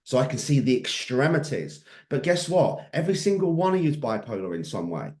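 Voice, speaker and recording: A man's voice: medium pitch, sing-song, a little fast, a little mellow, echoey room. A man coaching a group on mindset, intense and emphatic, swearing freely. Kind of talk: motivational group training talk.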